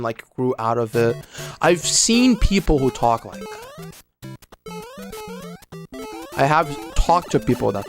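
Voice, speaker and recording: Young guy, casual speedrun streamer, loose slangy talker who grumbles at his own runs; average pitch. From Brazil. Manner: rambling slangy chatter, muttering at his own gameplay. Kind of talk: casual livestream chat while playing.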